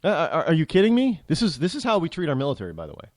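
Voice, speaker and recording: A man's voice: a little high, huge pitch swings, rapid-fire, dry recording. A middle-aged man hosting a talk show, telling an opinionated story bluntly, with frequent restarts. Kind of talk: storytelling monologue.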